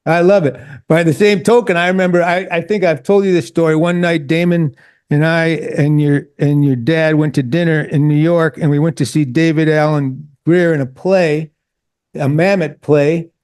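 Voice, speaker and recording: A man's voice: a little high, fairly even intonation, normal speed, a little mellow, clean tone. A man hosting a casual interview, talking with enthusiasm while stumbling and repeating words as he goes. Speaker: host.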